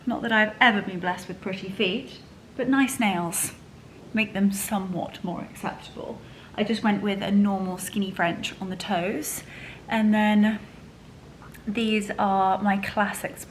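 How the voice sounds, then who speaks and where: A woman of thirty chatting in a casual vlog, gushing and often dropping to a breathy whisper. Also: mid-range voice, slight background noise, rough recording. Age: 30s. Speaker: lifestyle vlogger.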